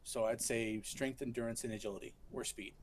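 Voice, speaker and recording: A man with a Michigan American accent talks in a voice that sits squarely mid-range, patiently explaining game mechanics. It's relaxed, chatty voice-call talk with a faint hiss behind it. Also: medium pitch, a little fast. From Michigan, USA. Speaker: lore guest coaching a gamer. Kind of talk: casual chat on a game stream.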